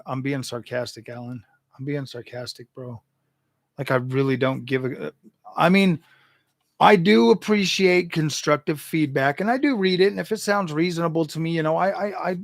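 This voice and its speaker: A man hosts a tech channel in a casual, animated rant, stammering and doubling back on his words. His voice is a touch high with a gravelly edge. The sound is dry and close. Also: no room sound. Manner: animated, exasperated, stammers and repeats himself. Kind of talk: casual livestream chat.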